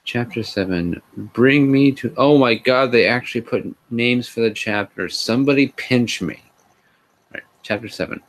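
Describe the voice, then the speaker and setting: A man's voice: medium pitch, a little slow. A man hosting a sarcastic comedic live reading, with exasperated sighs and asides. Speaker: host reading a fan fiction aloud.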